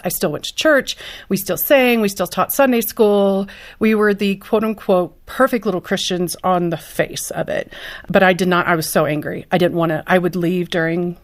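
A woman as an interview guest, a mother of a child with special needs, answering in an earnest, emotional and open way. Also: mid-range voice.

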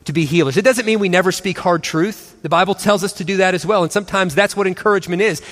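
A man in his forties telling a family story and encouraging fellow Christians, animated, acting out voices and laughing often. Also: sits high, quick pace, long reverb tail. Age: 40s. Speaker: christian speaker and husband. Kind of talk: storytelling talk.

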